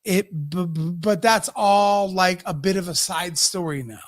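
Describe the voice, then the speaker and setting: A man's voice: high voice, measured pace, no room sound, clean studio sound. A man co-hosting a live podcast, talking in an emotional, profane rant. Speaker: podcast co-host. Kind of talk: casual live podcast chat.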